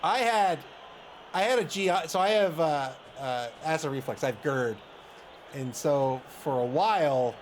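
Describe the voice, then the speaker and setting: Male stream commentator, high and animated, self-mocking storyteller, noisy background. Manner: chatty, self-mocking storyteller, laughs often. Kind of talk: casual game commentary and chat. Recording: audible background noise.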